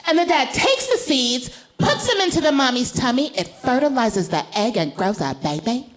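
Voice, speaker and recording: A woman voicing a curious, excited four-year-old girl who blurts out questions breathlessly. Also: sits high, moderate pace, pitched above the performer's own voice. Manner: breathless, wide-eyed, blurting.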